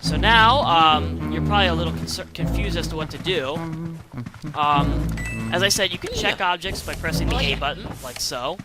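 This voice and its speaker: A young man giving casual, rambling gameplay commentary with many fillers and restarts, as a let's player. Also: a little high. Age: young adult. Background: game music.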